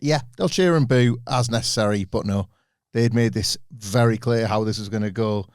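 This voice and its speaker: Co-host, middle pitch, wry, dry close mic. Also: male voice, moderate pace, a little mellow, dry recording. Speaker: podcast co-host. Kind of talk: casual chat.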